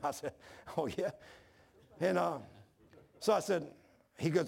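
A pastor preaches a sermon built on folksy stories, animatedly acting out the voices of the people in his anecdotes. His voice is a little high, creaky, and breathy at the edges, at a normal speed.

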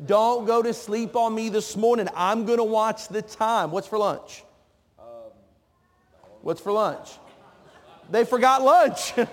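A high-voiced man preaches from a church stage, joking with the youth and calling out to the crowd. His voice carries through a large hall with a long, ringing reverb. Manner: joking, calls out to the congregation. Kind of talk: sermon. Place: church sanctuary.

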